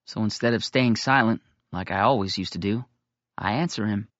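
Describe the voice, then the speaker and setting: A man reading a novel aloud in first person, with steady, measured storytelling. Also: fairly low pitch, no room sound, lo-fi sound. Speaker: audiobook reader.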